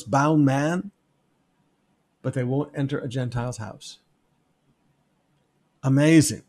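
A man preaching a sermon, reading scripture aloud and commenting on it in an animated, wry way. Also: mid-range voice. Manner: animated, wry, reads passages with emphatic quoted voices. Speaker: pastor.

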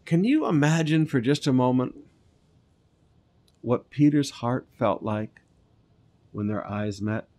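A man, a pastor reading scripture and preaching in a conversational way, with lively asides and soft, earnest appeals. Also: medium pitch, takes it slowly, pauses often.

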